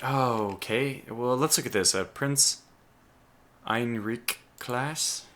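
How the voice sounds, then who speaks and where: A man's voice: medium pitch, takes it slowly, a bit bright, a little hiss or hum. A man doing gameplay commentary, thinking aloud with stumbling restarts and sudden exclamations, keyboard clicks behind him. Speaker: let's play host.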